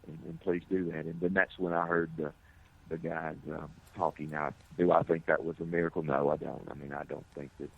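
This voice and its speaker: Middle-aged male firefighter, very low gravelly voice, earnest and halting. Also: level tone. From United States. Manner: earnest, halting, many restarts. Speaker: firefighter, interview guest. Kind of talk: personal account in an interview. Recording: tinny phone-like audio.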